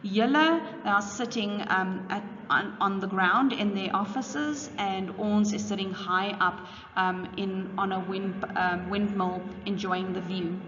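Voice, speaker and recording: A woman teacher, reading exam questions aloud and then calmly explaining the answers. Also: medium pitch, measured pace, background noise. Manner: reads questions in Afrikaans then explains in English. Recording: dull audio with long reverb.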